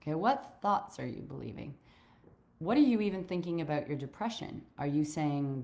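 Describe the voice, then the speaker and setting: A woman life coach giving a frank, animated motivational talk, swearing freely. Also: low voice, moderate pace.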